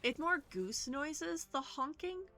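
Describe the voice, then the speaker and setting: A woman's voice: high voice, lively intonation, slow pace, pushed and bright. A woman casting a live video game match with a dry, wry humor. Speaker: esports caster.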